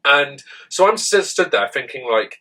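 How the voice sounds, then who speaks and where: A man's voice: mid-range voice, unhurried, rough recording. A young man hosting a podcast, telling a story in a rambling way and saying "like" often. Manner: rambling, heavy use of "like", animated retelling. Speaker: podcast co-host. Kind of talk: casual storytelling chat.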